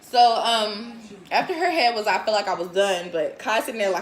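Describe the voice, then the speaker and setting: A woman in her twenties casually telling viewers a story, frank and animated, often laughing and acting out what other people said. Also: medium pitch, fairly quick. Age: 20s. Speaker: vlogger and new mother.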